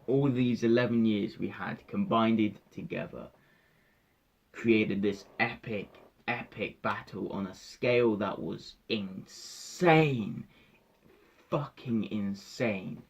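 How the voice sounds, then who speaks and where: A young man recounting a film in excited casual talk, swearing freely and acting out his own reactions. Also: fairly low pitch, slow, vocal fry, highs cut off. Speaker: vlogger reviewing a film.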